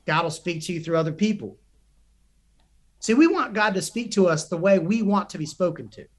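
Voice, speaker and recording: A young man with a voice that sits high talks fairly quickly. Working as a psychotherapist and coach, he tells stories in a podcast interview with animated earnestness, frequently restarting.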